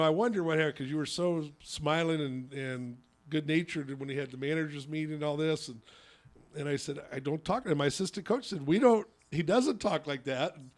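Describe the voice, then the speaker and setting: A man who hosts a radio talk show and coaches youth softball, telling a story with rambling restarts. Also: fairly high pitch. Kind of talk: casual radio chat.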